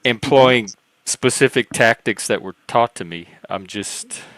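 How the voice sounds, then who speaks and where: A man's voice: medium pitch, unhurried, fairly bright tone, dry recording, poor audio. A man hosting a casual chat, making plain-spoken remarks and asides.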